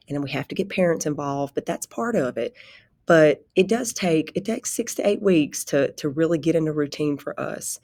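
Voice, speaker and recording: A woman who teaches pre-K, talking calmly and conversationally about her classroom, often backtracking and restarting sentences. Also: low voice, no echo, studio quality. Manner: calm, conversational, rambling with restarts. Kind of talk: informal spoken presentation.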